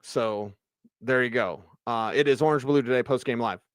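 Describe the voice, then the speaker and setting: A man hosts a postgame show by himself, talking football in a loose, animated way as he reads out the live chat. His voice sits in a middle range and sounds close and dry, with no room echo. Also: medium pitch, moderate pace, clean tone. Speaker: sports radio host. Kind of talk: solo postgame livestream recap.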